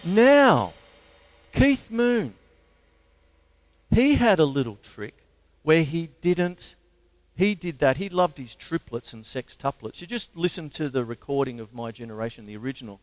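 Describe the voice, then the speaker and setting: A middle-aged Australian man giving a casual drum lesson, counting beats aloud between loud drum playing. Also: on the high side, sing-song, measured pace, no echo. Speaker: drum teacher. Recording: drum kit loud behind voice.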